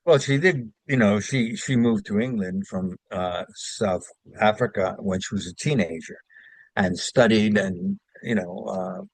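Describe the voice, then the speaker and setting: A man's voice: lowish voice, a little slow, dry recording. An older man from Brooklyn, chatting as an interview guest and rambling through anecdotes with fillers and restarts. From Brooklyn, New York. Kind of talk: casual interview chat.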